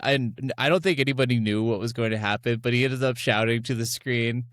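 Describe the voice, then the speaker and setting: A man co-hosting a podcast in casual chat, telling stories with animated bursts and laughs. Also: mid-range voice, a little fast, few pauses, no echo, studio quality. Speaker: podcast co-host.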